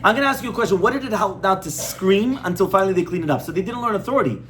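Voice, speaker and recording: A man's voice: high-pitched, expressive, rapid-fire, a bit bright. A male rabbi giving an informal class on parenting, conversational, repeating his points and asking the audience questions.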